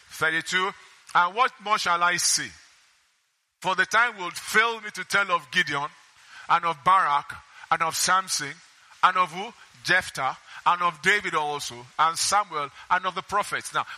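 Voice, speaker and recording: A man's voice: sits high, sharp tone. A man preaching a sermon, reading scripture aloud and putting questions to his congregation. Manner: call-and-response questions to the congregation; reads scripture aloud between remarks. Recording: echoey hall.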